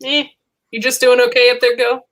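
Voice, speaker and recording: A woman's voice: on the high side, flat delivery, fairly quick, a bit bright. Bubbly, giggly woman co-hosting a stream. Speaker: livestream co-host. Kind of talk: casual livestream chat.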